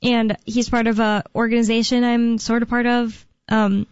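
A young woman co-hosts a call-in radio show in a fairly high voice, rambling through her thoughts with fillers and restarts. The studio sound is dry and close, a little dull on top. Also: level tone, normal speed, clean tone, dry recording. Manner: rambling, filler-heavy, self-correcting. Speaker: radio co-host. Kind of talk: casual talk radio chat.

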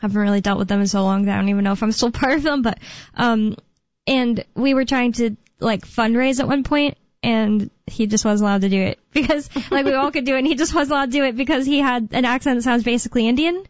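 A woman's voice: on the high side, quick pace, no room sound. A woman hosting a talk radio show, chatting casually and rambling with fillers and laughs. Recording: dull, dry studio sound.

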